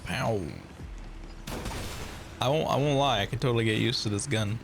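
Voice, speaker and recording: Gravelly male streamer reacting casually. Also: medium pitch, normal speed, background noise. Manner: blunt, joking, repeats himself. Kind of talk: casual live reaction commentary. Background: game audio and music.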